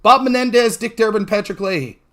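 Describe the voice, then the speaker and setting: A man's voice: sits high, brisk, fairly bright tone. A man hosting a political talk show, recapping a debate in a heated, argumentative way with emphatic, sometimes profane remarks. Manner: argumentative, mimics opponents mid-sentence.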